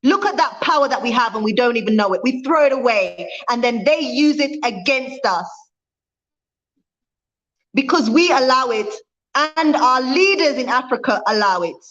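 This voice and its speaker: A woman's voice: high voice, expressive, moderate pace, fairly bright tone, lo-fi sound. A woman vlogger talking fervently on a livestream, repeating her points for emphasis and reading out viewer comments. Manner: reads viewer comments aloud. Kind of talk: impassioned livestream talk.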